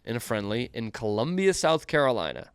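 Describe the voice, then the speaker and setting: A man's voice: medium pitch, big pitch swings, clear, resonant tone, dry recording, clean studio sound. A man hosting a casual sports podcast, teasing his cohost with a sarcastic edge. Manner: sarcastic, quick to tease. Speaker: podcast host.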